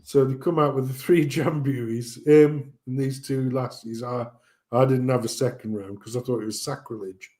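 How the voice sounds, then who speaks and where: A man co-hosting a stream, telling a pub anecdote in a casual, animated way with frequent swearing and laughter. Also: mid-range voice, moderate pace. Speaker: stream co-host. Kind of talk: casual storytelling.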